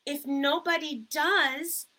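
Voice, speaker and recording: A woman co-hosting a live talk stream, earnest and indignant as she tells her story. Her voice is bright and forward, sitting a little high. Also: steady tone, slow pace. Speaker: co-host, radio producer. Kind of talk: casual live-stream chat.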